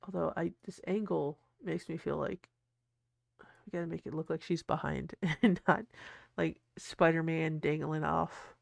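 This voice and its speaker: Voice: medium pitch, steady tone, measured pace, vocal fry, no room sound. A host in casual, rambling commentary while designing, often cutting themselves off and laughing.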